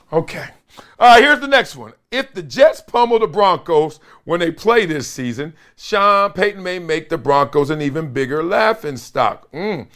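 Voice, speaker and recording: A man's voice: a little high, lively intonation, moderate pace, a bit bright. A middle-aged man hosting a sports talk show, reading viewer comments aloud with playful hype chants and frequent laughter.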